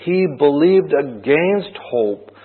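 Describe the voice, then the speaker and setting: A man's voice: fairly high pitch, animated, takes it slowly, slightly rough. A man preaching a sermon, telling a personal story in a conversational way and asking rhetorical questions. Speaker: pastor. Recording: tinny phone-like band.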